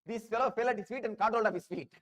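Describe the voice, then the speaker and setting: A man's voice: high-pitched, racing, fairly bright tone. A man with an Indian English accent giving a spiritual discourse, telling parables and repeating phrases for emphasis. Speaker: spiritual teacher.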